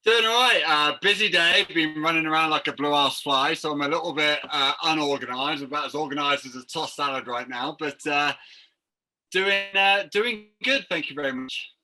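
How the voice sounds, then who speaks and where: A British man chatting as a podcast co-host, upbeat and laughing easily. His voice is sharp and very bright, sitting a touch higher than most. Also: steady tone, fairly quick, hardly any pauses, rough recording. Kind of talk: casual banter.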